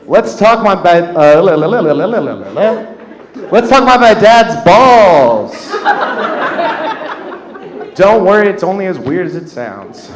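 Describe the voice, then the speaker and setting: A young man in his twenties doing a self-deprecating stand-up set on a comedy club stage, getting loud at the punchlines. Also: on the high side. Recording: roomy club with audience laughter.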